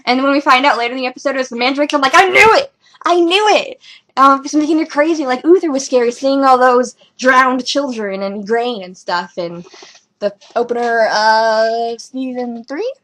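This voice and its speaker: A young woman talking casually as a fan reviewing a TV episode, rambling and excitable with lots of ums and likes. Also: high voice, moderate pace. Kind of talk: casual fan reaction commentary.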